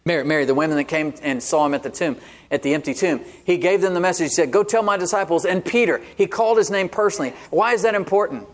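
A man's voice: fairly high pitch, fast. A man preaching a sermon as pastor, conversational and often asking the congregation "Amen?". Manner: call-and-response "Amen?" asides, conversational.

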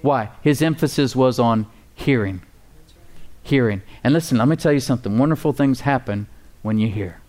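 A man's voice: mid-range voice, moderate pace, darkish tone. A man preaching a sermon to a congregation in church, emphatic and casual, repeating key words and asking for amens. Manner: casual preacher's talk with fillers and folksy asides. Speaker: pastor. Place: church before a responding congregation.

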